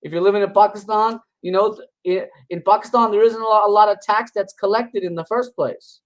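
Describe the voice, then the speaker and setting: A man's voice: high voice, steady tone, a little fast, low-quality recording. A man giving casual reaction commentary on religious videos, combative and mocking, rambling with scoffing laughs. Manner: rambling with frequent restarts.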